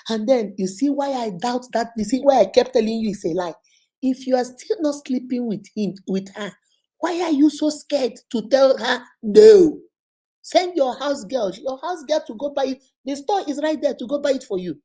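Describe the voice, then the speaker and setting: A woman's voice: a little high, moderate pace, warm tone, husky. A woman hosting an advice show, retelling a viewer's story with dramatic quoted voices.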